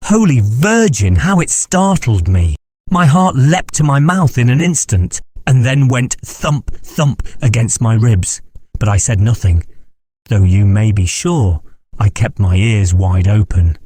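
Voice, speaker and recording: A man voicing a nervous, talkative Irish gentleman who tells a dark story in a confiding, dramatic way. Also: deep voice, steady tone, unhurried, breathy edge, dry recording. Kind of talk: audiobook character voice.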